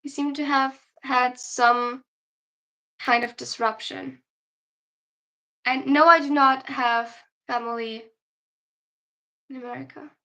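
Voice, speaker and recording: A woman's voice: high voice, steady tone, takes it slowly, long pauses, sharp tone. A young German woman, a non-native English speaker with a German accent, chatting tiredly on her livestream and answering viewer questions. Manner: chatty, reads comments aloud and answers them. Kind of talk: casual livestream chat reading viewer questions.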